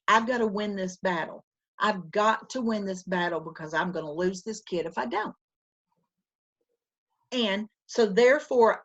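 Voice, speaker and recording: A woman's voice: a little high, fairly bright tone. A woman presenter giving conversational teaching advice on a video call, emphatic and repeating phrases for stress. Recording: dull lo-fi webinar audio.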